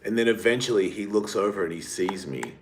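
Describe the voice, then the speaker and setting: Man, podcast host, lowish voice, rambling casual storytelling, swears freely. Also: fairly quick. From Australia. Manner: rambling, swearing, laughs often.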